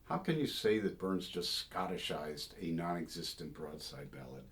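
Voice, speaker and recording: Low male voice, older folk singer and scholar, informal talk with sung fragments, thoughtful and meandering. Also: animated, moderate pace, few pauses. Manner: thoughtful, digressive, sings short phrases to illustrate. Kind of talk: informal spoken commentary on a song.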